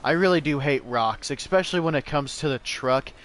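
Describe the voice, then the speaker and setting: A man's voice: fairly high pitch, fairly quick, fairly bright tone. A young man giving loose, profane commentary while he plays a game, rambling casually and calling his viewers "bro" and "man.". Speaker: gameplay streamer.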